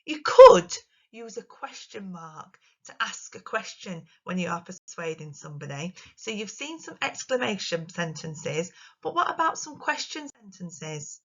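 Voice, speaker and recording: A woman teacher, giving a recorded lesson to young children in an expressive, sing-song way. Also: lowish voice, a little slow, dull audio. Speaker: primary school teacher.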